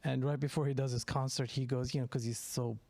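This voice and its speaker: Male comedian, gravelly, rambling self-deprecating storyteller, dry sound. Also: medium pitch, little pitch movement, fast, dark tone, no room sound. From Turkey. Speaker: comedian guest. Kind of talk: casual podcast chat.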